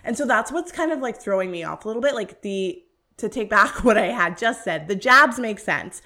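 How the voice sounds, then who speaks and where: Co-host, woman. Chatty, animated film talk, loose and filler-heavy. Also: mid-range voice, normal speed. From North America. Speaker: podcast co-host. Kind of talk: casual chat.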